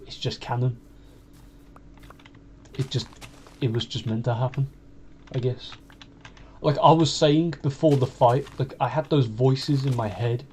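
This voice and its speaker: A man's voice: medium pitch, darkish tone, a little hiss or hum. A young man with a West Midlands accent talking in a casual, confessional monologue, rambling and hesitant, often restarting his sentences. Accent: West Midlands English. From Wolverhampton, England. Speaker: YouTuber.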